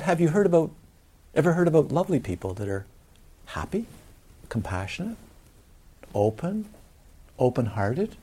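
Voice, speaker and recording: A man's voice: medium pitch, darkish tone, slightly rough. A man teaching a Buddhist dharma talk to a live audience, in a conversational way with frequent questions to the listeners.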